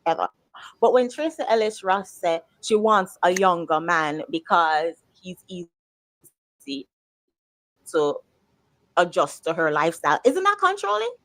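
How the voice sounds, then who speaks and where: A woman's voice: fairly low pitch, sing-song, a little slow, a bit bright, no room sound. Dry-sounding woman, sarcastic and pointed.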